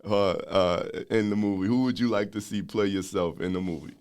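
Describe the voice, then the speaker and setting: A man's voice: fairly low pitch, normal speed, a little mellow, smooth. A man hosting a podcast interview, asking questions and affirming his guest with easy laughter. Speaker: podcast host. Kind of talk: casual interview talk.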